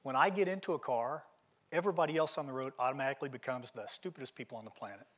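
A man's voice: medium pitch, racing, a bit bright. Emphatic middle-aged male keynote speaker. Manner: direct, emphatic storytelling. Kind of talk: motivational seminar talk. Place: seminar venue.

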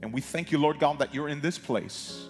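A man preaching as a pastor, reading scripture aloud with emphatic pauses and side comments. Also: on the high side. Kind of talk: sermon. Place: church sanctuary. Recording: long reverb of a large hall, music behind.

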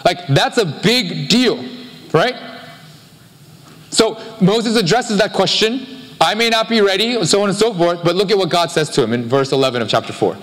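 A man gives a live-streamed church sermon in a chatty, animated manner with quick asides. His voice sits slightly high for a man. Long reverb from the sanctuary trails each phrase. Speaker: pastor.

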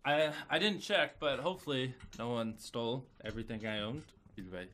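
A young man with a cold chatting casually as a video creator, repeating a chant and breaking off into sudden shouts and mumbled asides. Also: medium pitch, a little fast. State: has a cold. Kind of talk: casual chat.

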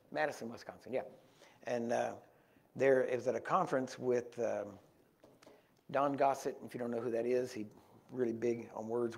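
A man preaching in a church, telling rambling anecdotes with self-corrections that grow animated, on a small wearable microphone. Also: mid-range voice, vocal fry. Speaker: guest preacher. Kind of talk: storytelling sermon.

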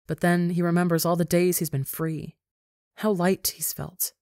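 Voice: mid-range voice, no echo, studio quality. A podcast reader narrating a fan fiction story with intense, dramatic storytelling.

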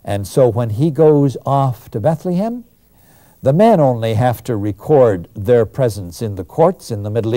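A man lectures on the New Testament, retelling scenes with emphatic, animated delivery. His pitch moves widely as he stresses points, and his voice has a mellow, dark warmth. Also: dry recording.

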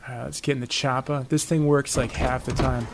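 A man's voice: mid-range voice, flat delivery, moderate pace, vocal fry, background noise. A man giving casual, chatty commentary on his own moves as he plays a video game. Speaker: gameplay commentator.

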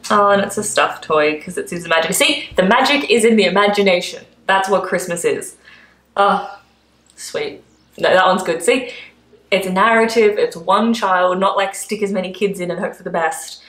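A woman's voice: mid-range voice, normal speed, a bit bright, reverberant, rough recording. A woman with an Australian accent, a vlogger chatting and gushing as she reacts to adverts. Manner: chatty and gushing, full of "like" fillers. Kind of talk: casual reaction commentary.

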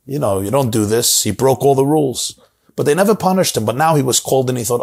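A man in a mid-range voice delivers a storytelling sermon. He slows down to stress key words and repeats his phrases for emphasis. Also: mid-range voice, creaky, darkish tone.

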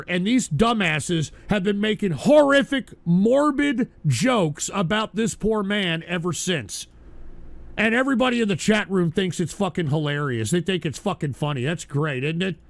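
Flustered guy hosting a live stream, high gravelly voice swinging all over, cussing out chat. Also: no echo. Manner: exasperated, swearing, flustered. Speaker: livestream radio show host. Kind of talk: profane live stream rant.

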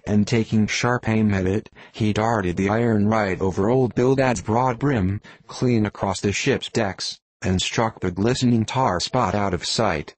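A man reading a classic novel aloud as an audiobook narrator, in a plain, even reading voice. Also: fairly low pitch, a little slow, few pauses, dry recording. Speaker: audiobook reader. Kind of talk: scripted narration.

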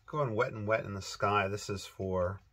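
Man, fairly low voice, easygoing art teacher thinking aloud as he paints. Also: normal speed, a bit bright. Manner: casual, rambling, thinking aloud while painting. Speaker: watercolor painting instructor. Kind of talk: relaxed painting tutorial.

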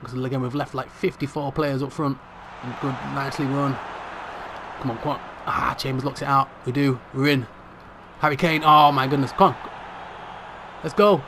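A young man commentating his football game, bursting into mock-broadcast shouting at big moments. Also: mid-range voice, steady tone, normal speed, pauses often, a little hiss or hum. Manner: shouts in mock-broadcast commentary at goals, chatty and swearing mildly otherwise. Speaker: gaming commentator.

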